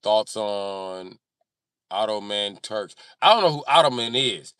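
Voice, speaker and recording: A man's voice: lowish voice, animated, unhurried, a bit bright, clean tone, no room sound. A man chatting on a livestream, joking and cursing in a rambling way. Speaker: livestream host. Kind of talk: casual livestream chat.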